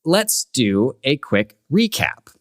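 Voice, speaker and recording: A man serving as game master slowly recaps the last tabletop session in a medium-pitched voice with big pitch swings. His casual narration is loose and rambling, full of fillers and small self-amused laughs.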